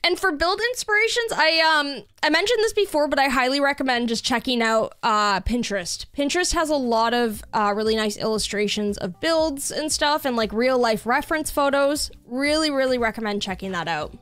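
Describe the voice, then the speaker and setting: A young woman streams a building game, her high, expressive voice moving at a normal pace with few pauses. The tone is a bit bright and smooth with no echo, and she chats upbeat and casually, reads the chat aloud, and uses lots of fillers.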